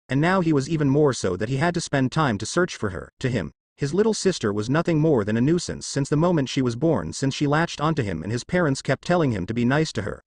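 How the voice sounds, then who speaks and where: A man's voice: mid-range voice, no echo, clean studio sound. A man reading a fan fiction story aloud, casual, adding his own asides. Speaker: narrator.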